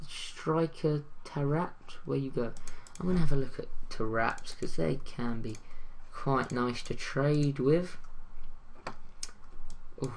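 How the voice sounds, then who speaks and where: Young man, gaming commentary, unhurried, faint keyboard clicks behind. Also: mid-range voice, creaky, slight background noise. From London. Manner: chatty, jokey, thinks aloud. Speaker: gaming YouTuber. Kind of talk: casual gameplay commentary.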